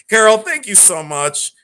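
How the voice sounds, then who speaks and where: A man's voice: sits high, bright, forceful tone. A man hosting a live jewelry sale, chatting casually, joking, teasing and laughing often as he greets viewers. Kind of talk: casual live-stream selling chat.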